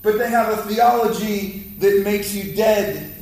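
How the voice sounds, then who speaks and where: A man's voice: high-pitched, unhurried, darkish tone. A man preaching a fiery sermon in a church, exhorting the congregation and calling for their response. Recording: echoey hall, mic from far off.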